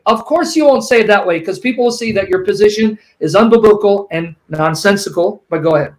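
A man's voice: high-pitched, a little fast, few pauses, rough recording. A man debating, combative, who quotes scripture at length and presses his opponent with pointed questions. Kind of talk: heated debate.

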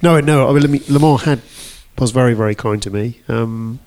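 A man's voice: medium pitch, moderate pace, darkish tone. A man, a racing driver guest, recalling past races earnestly and with enthusiasm, repeating words for emphasis. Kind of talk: conversational recollection.

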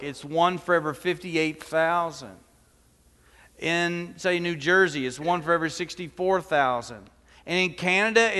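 A man's voice: fairly high pitch, bright, forceful tone. A male pastor preaching a sermon in a church, talking conversationally with humorous asides. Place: church sanctuary. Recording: long church reverb.

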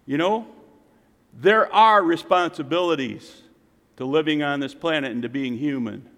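A man's voice: lively intonation, moderate pace. Preaching man in a reverberant hall. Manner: swings between loud emphatic calls and quiet low asides to the congregation. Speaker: pastor. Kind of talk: sermon.

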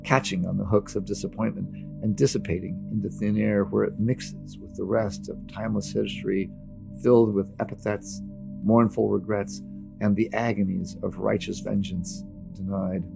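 Male audiobook narrator, deep, very gravelly, steady dramatic reading, music underneath. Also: normal speed.

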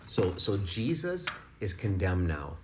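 A man leading a home Bible lesson for his kids, explaining scripture in a relaxed, conversational way. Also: deep voice, slow pace, noisy background. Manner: rises to loud, fervent preaching, then talks softly and warmly with kids. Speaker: father leading a family devotion. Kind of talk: preaching to children at home.

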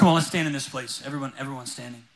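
A male pastor preaching a sermon in a church, telling stories with lively energy. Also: medium pitch, rapid-fire, some chatter behind, slight background noise, rough recording. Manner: energetic, animated storytelling.

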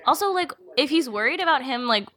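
Sarcastic woman cohost chatting over a movie, swears a lot, highish voice. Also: lively intonation, quick pace, fairly bright tone. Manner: sardonic, swears freely. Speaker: podcast co-host. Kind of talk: casual watch-along chat.

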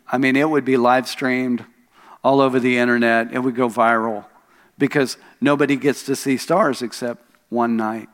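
Preaching man in a reverberant hall. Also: mid-range voice. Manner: storytelling preacher, rising loud on key lines, dropping soft for asides. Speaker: pastor. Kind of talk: sermon. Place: church sanctuary.

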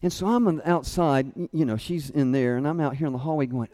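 A middle-aged man giving a storytelling sermon, self-deprecating and funny, chuckling often and dropping his voice soft and low at tender moments. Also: quick pace. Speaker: speaker at a college chapel.

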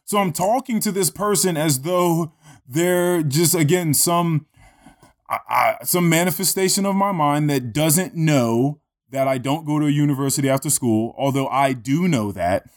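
A man casually telling a long story in a relaxed, profane way, full of fillers like "you know" and "like". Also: fairly high pitch, moderate pace.

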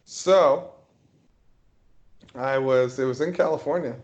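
A man's voice: mid-range voice, darkish tone, lo-fi sound. Hesitant man telling a story. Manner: halting, hesitant storytelling with many restarts. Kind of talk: casual podcast chat.

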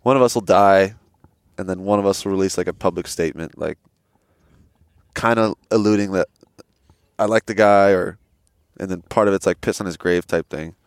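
A man's voice: sits low, normal speed, long pauses, clean tone, dry recording, studio quality. A young man co-hosting a podcast in casual chat, telling stories with lots of swearing and acted-out quotes. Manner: animated storyteller, swearing, acts out quotes. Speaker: podcast co-host. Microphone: headset.

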